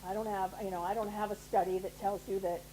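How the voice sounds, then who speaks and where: A woman's voice: mid-range voice, steady tone, fast talker, mellow, a little hiss or hum, poor audio. A middle-aged woman giving a motivational talk to an audience, persuasive and often checking in with "right?". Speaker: guest speaker at a women's leadership program.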